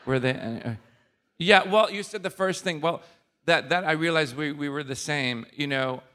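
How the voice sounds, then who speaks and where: Guy hosting a chat show, bright voice, laughs a lot while telling stories, swears casually. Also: fairly high pitch, moderate pace. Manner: animated storyteller, laughs often, swears. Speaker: podcast host.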